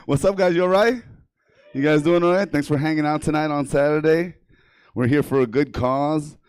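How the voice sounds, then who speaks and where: A man's voice: a little high, steady tone, moderate pace, darkish tone, smooth, dry recording. Crude, self-amused male stand-up comic. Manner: crude, laughing at his own jokes. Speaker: stand-up comedian. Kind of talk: stand-up comedy. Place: small comedy theater stage.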